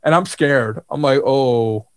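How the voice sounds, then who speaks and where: High-voiced man hosting a podcast. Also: normal speed. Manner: animated storyteller who laughs often. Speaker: podcast host. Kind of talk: casual chat.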